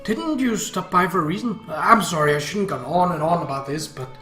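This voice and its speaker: A man reading aloud and voicing a kind, apologetic elderly mother in a soft, motherly way. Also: on the high side, expressive, brisk. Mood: gentle. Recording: roomy echo, faint guitar music.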